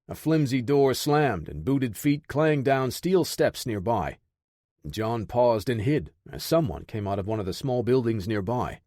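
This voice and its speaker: Guy reading an action audiobook, steady, dry close mic, mid voice. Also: medium pitch, dry recording. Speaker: audiobook narrator. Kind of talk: scripted narration.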